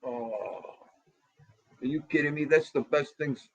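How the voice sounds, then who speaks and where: Husky, slow-talking livestream host. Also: male voice, fairly high pitch, no echo. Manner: animated, talks loudly, greets chatters by name. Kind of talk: casual livestream chat reading comments. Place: home room.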